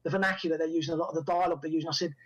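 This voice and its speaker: Racing along in a fairly high, breathy voice, a man who acts and writes shares career stories on a podcast, playing out what people said to him. The sound is lo-fi.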